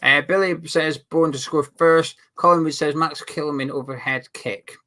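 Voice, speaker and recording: A man's voice: on the high side, fairly even intonation, normal speed, pushed and bright. A man co-hosting a casual football fan watch-along, rambling a little as he reads out viewer comments. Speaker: fan channel co-host.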